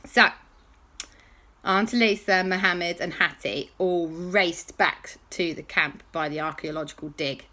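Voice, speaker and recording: A woman telling an animated, playful bedtime story. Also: fairly low pitch, measured pace.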